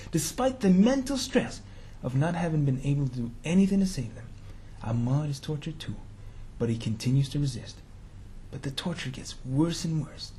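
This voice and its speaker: A preacher whose voice is fairly high and darkish in tone narrates a religious story as part of his sermon. He keeps it casual and slangy, repeatedly challenging listeners with rhetorical questions.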